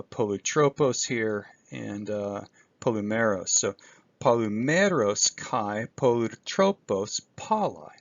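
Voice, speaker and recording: A man with a gravelly voice walks through a screencast lesson, methodical and patient, pausing with small fillers. The sound is dry and slightly dull, as if from a desktop mic. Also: mid-range voice, no echo. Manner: methodical, explains step by step with fillers. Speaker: Greek instructor. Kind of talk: recorded lecture screencast.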